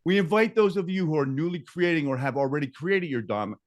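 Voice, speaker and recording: A man hosting an online book-discussion session on a video call, earnest and encouraging, repeating key lines slowly. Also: fairly high pitch, expressive. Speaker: online group facilitator.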